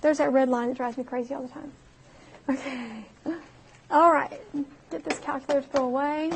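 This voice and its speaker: Woman, math teacher, high voice, chatty, talks through each step. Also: steady tone, normal speed, a little hiss or hum. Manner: chatty, laughs at herself, talks through calculator steps. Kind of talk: recorded math lecture.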